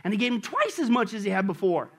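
A male pastor with a very high, bright voice preaches with big swings in loudness, from shouts down to hushed murmurs. He tells a joke and acts out its voices. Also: sing-song, fast talker. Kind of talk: sermon.

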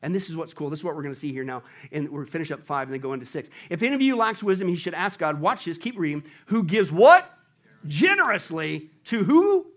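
A male pastor preaching a sermon, animated and constantly throwing rhetorical questions at the congregation in a church. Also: a little high, fast talker.

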